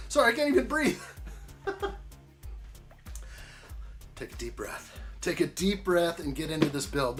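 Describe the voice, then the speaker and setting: A man hosting a casual live stream, greeting viewers by name in an upbeat way while unboxing and building. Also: medium pitch.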